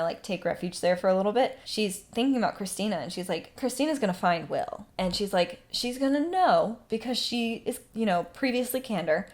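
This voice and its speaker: A young adult woman giving a casual book recap, chatty, laughing often and quoting characters. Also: mid-range voice. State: voice tiring from long talking. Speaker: book reviewer.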